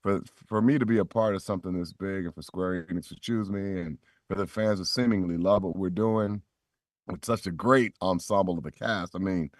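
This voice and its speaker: A man's voice: low voice, fairly even intonation, normal speed, no room sound, studio quality. A middle-aged man, a voice actor, telling stories as a podcast guest and acting out quoted voices with animation. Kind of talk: storytelling in a podcast interview.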